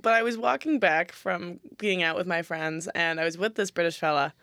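A woman's voice: on the low side, moderate pace, a bit bright, no echo, studio quality. A young adult woman co-hosting a comedy podcast, telling rambling stories in a playful way and laughing often. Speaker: podcast co-host. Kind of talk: casual comedic chat.

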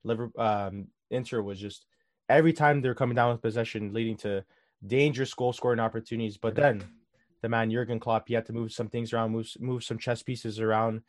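A man co-hosting a casual football talk show, giving animated analysis with lots of "uh" and "um". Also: mid-range voice, brisk, no room sound, clean studio sound. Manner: animated, filler-heavy analysis. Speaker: co-host.

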